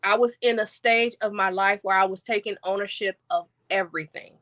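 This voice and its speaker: Bright-voiced woman telling a personal story. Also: mid-range voice, fairly quick, no room sound. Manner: animated, acts out quoted dialogue. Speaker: podcast guest.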